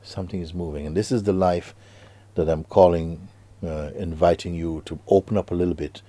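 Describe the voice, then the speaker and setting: A man giving a spiritual talk to students, slow and hushed with sudden emphatic rises, and slightly non-native grammar. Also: low voice, steady tone, no echo. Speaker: spiritual teacher.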